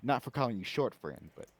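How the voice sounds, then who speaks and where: A man's voice: mid-range voice, big pitch swings, moderate pace, a little mellow, no room sound. A man playing a tabletop game in character, playful and teasingly mock-formal. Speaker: tabletop player.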